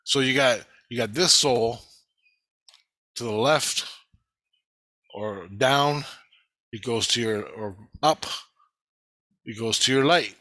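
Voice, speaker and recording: Middle-aged man, bright dry voice, rambling and profane, intense vlog monologue. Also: medium pitch, takes it slowly, long pauses, no room sound. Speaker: vlogger.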